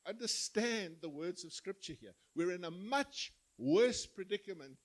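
A man's voice: high voice, expressive, a little slow, low-quality recording. A man preaching a sermon, telling parables and acting out the voices of their characters. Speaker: pastor. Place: church.

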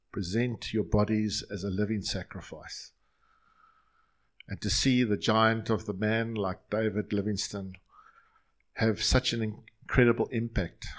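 A male pastor leading his congregation in an earnest, line-by-line prayer during a sermon in a church. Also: lowish voice.

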